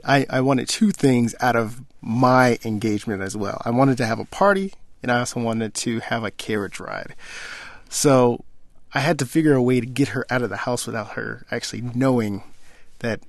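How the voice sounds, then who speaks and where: Young man, gravelly mid-pitched voice, animated casual storyteller, dry close sound. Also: moderate pace, no room sound. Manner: animated, acts out quoted dialogue. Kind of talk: casual personal anecdote.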